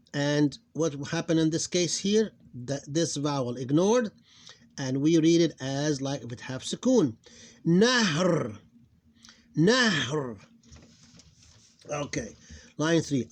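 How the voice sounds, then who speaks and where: A man's voice: fairly high pitch, a little mellow. Self-correcting male phonics teacher. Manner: halting, repeats and corrects himself. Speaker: Arabic teacher. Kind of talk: recorded phonics lesson.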